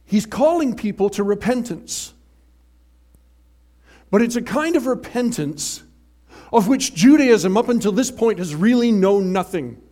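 A man preaching a sermon in an animated, emphatic way, swinging from loud to hushed. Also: sits high, a little slow, long pauses.

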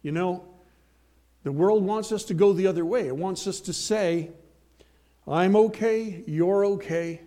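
A man preaching a sermon, emphatic, slowing and swelling on key phrases, with folksy asides and homely examples. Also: high-pitched, mellow. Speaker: pastor.

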